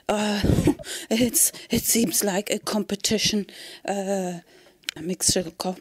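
A woman vlogger talks slowly and unhurriedly, with a fairly low voice. She wanders from topic to topic in a comic monologue, dropping into whispered asides and chuckling. The sound is close and dry. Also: breathy edge, dry recording. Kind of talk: rambling comedic monologue.

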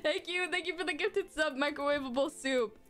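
A woman's voice: high voice, a little fast, a bit bright, soft background music. A young woman streaming a game live, giggling and reacting in bemused disbelief as she reads its text aloud.

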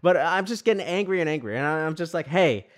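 A man's voice: a little high, fast. A young man from New York telling a story in a profane, exasperated rant as a podcast host. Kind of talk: ranting casual monologue.

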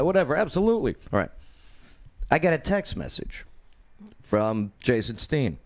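A man hosting his own talk show, telling a story in a lively, animated way with quoted voices. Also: mid-range voice, moderate pace, long pauses. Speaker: radio show host.

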